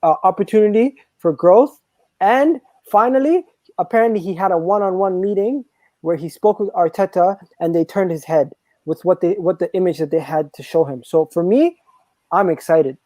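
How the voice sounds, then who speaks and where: A man chatting excitedly as a guest on a fan stream, often restarting his sentences. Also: high-pitched, moderate pace, no echo, low-quality recording. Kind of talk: casual fan stream chat.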